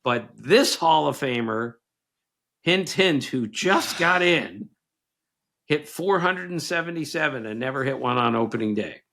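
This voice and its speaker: A man's voice: medium pitch, expressive, measured pace, gravelly, fairly bright tone. Older man with a nasal voice. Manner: teasing, quizzing, rattling off stats. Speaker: podcast co-host, baseball writer. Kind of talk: casual father-son podcast chat.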